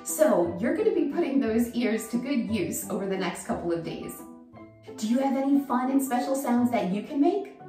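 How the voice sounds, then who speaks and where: A woman's voice: fairly high pitch, animated, normal speed, warm tone. A woman hosting a children's activity show, talking upbeat and directly to kids. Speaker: host. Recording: distant echoey room with faint music.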